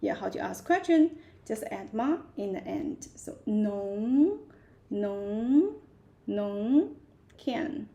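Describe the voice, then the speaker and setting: A woman teaching Chinese words on a live stream, speaking slowly and repeating each word several times while stressing its tones. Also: mid-range voice, sing-song, mellow, lo-fi sound. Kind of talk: live-streamed language lesson. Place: live stream set-up at home.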